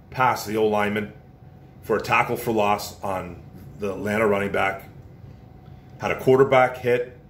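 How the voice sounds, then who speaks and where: A man hosting a casual football commentary show, blunt and opinionated, often repeating his points. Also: lowish voice. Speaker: sports podcast host. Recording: roomy echo with faint noise.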